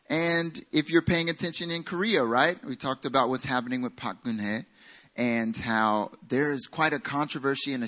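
A man's voice: mid-range voice, pushed and bright. A man with a Southern American accent preaching a sermon as pastor, talking casually and joking with his congregation. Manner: casual and self-deprecating, with a joking aside.

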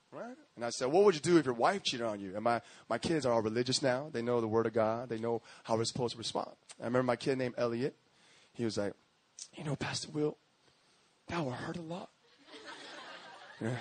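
A male pastor preaching a sermon, telling stories in a lively, slangy way and often laughing as he talks. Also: medium pitch, no room sound. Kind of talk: sermon with storytelling.

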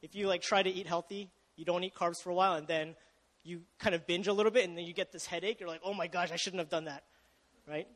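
A man's voice: sits high, steady tone, quick pace, fairly bright tone, in a large hall. A young man preaching a sermon in a casual, chatty way, often asking the audience questions and restarting his sentences.

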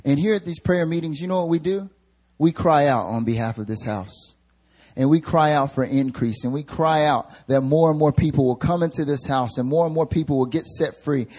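A young man with a fairly high, slightly mellow voice preaches a sermon at a church service. He shifts between casual, slang-filled storytelling and rising, emphatic preaching.

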